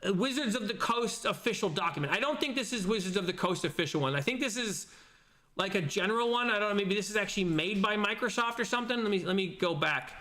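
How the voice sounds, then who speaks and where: High bright guy rambling thru chat comments, keeps restarting his sentences, super casual stream vibe. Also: lively intonation, fast talker. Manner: rambling, with frequent restarts and self-corrections. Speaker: host reading live chat comments.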